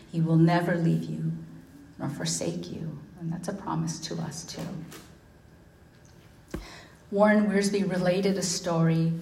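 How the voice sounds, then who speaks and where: A woman preaches a sermon in a lowish voice, slowing down to stress each quoted line. Her voice rings in a roomy, echoing space. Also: a little mellow. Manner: slow, deliberate emphasis with many quotations. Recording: echoey room.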